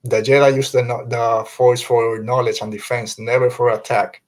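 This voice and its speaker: A man's voice: medium pitch, level tone, moderate pace. A man hosting a fan podcast, talking earnestly and emphatically, quoting film lines and repeating himself to drive a point home. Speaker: podcast host.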